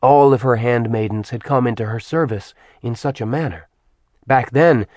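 A man narrates a dramatic novel in a steady storytelling voice of middling pitch. The recording is dry and close, with no room sound. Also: dry recording. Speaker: audiobook narrator. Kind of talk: scripted narration.

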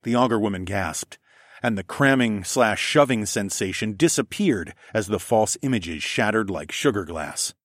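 A man's voice: on the low side, expressive, normal speed, no echo, studio quality. A man narrating a first-person fantasy audiobook expressively, acting out the dialogue.

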